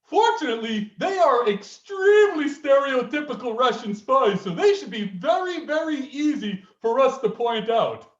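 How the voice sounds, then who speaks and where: A man performing improv comedy over a video call with an animated, exaggerated comic delivery. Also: extremely high pitch, normal speed, few pauses, roomy sound, muffled recording.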